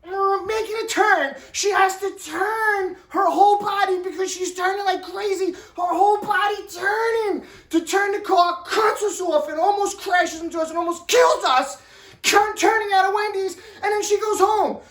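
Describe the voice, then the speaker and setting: A middle-aged man telling an animated vlog story, excitable and repeating himself as he acts out what people said. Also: very high voice, normal speed. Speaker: vlogger. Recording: echoey room, distant from mic.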